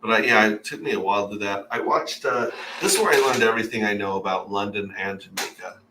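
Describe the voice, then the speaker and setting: A man's voice: fairly low pitch, fast talker, background noise. A man hosting a casual livestream, rambling and reading viewer comments aloud. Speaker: livestream host. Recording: echoey room, mic at a distance.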